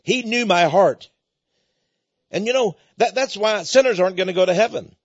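A man's voice: sits high, moderate pace, no echo, lo-fi sound. A man preaching on a radio program in a folksy, plainspoken way, often chuckling as he talks. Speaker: radio minister.

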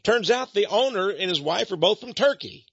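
A man's voice: high-pitched, lively intonation, normal speed, fairly bright tone, slightly rough, no echo, lo-fi sound. A man preaching to his viewers as an evangelist minister, earnest and rambling, often repeating words and restarting sentences.

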